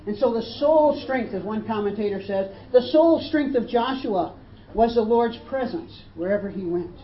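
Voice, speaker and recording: A woman's voice: on the high side, lively intonation, normal speed. A woman preaching a sermon, building emphasis and lifting her voice when quoting scripture. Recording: roomy, dull, faint hiss.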